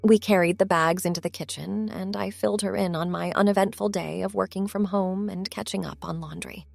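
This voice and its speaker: A woman telling a first-person story in a soft, intimate narrating manner. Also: mid-range voice, steady tone, a little fast, vocal fry, no echo.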